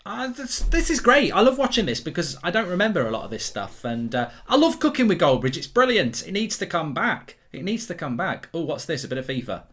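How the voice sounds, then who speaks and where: A man's voice: high voice, very animated, fairly quick, few pauses, fairly bright tone. A man hosting a reaction video, chatting casually with blunt, jokey banter and swearing. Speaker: host reacting to clips of himself.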